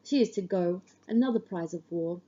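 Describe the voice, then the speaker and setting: A woman reading a literary story aloud in the first person, measured and grave, on a dull lo-fi recording. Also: fairly low pitch, warm tone. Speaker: audiobook reader.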